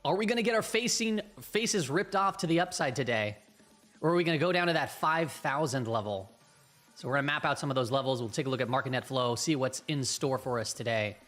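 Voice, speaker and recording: A man's voice: medium pitch, animated, fairly quick, fairly bright tone. A man hosting a live stream, upbeat and chatty, greeting viewers by name. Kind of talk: casual live-stream chat.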